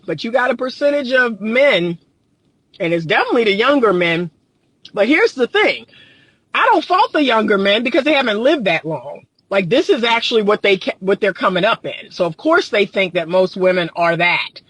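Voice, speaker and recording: A man's voice: high-pitched, very animated, normal speed, a bit bright, breathy edge, dry recording. A man working as a relationship coach and counselor, talking casually and passionately to viewers while he gets riled up. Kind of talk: casual livestream talk to viewers. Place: in a car, driving.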